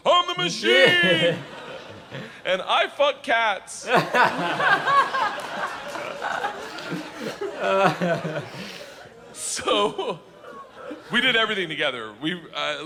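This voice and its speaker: A man doing stand-up storytelling, animated and acting out other characters, shouting his punchlines. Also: a little high, takes it slowly, pauses often. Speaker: stand-up comedian. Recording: stand-up special with background noise.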